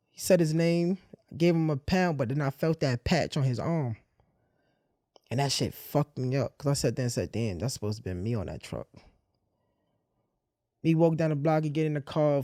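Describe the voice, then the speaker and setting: A man's voice: fairly high pitch, warm tone, dry recording, studio quality. Raw-talking man telling a personal story. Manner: raw, candid, profane street slang; halting restarts when emotional. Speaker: podcast host.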